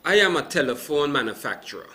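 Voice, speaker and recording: Animated businessman explaining, bright voice. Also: a little high, fast talker. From Sint Maarten. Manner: animated, explains with examples and asks "right?". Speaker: event producer and businessman guest. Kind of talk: live TV talk show interview.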